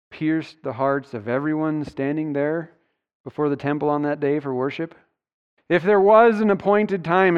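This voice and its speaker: A man's voice: on the high side, clear, resonant tone, long reverb tail, muffled recording. A man preaching an expository sermon as pastor, explaining scripture and stressing key words. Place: church sanctuary.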